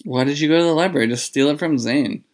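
A man's voice: a little high, quick pace. A man co-hosting a podcast in casual chat, joking and teasing. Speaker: podcast co-host.

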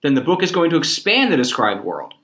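A man's voice: fairly high pitch, wildly swooping pitch, a little fast, a bit bright. A man co-hosting a podcast in casual chat, telling stories animatedly and swearing casually. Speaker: podcast co-host.

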